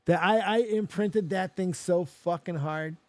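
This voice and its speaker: A young man hosting a live show, telling a story in an animated, profane way and getting worked up as he goes. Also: high-pitched, unhurried, dry recording, clean studio sound. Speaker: show host.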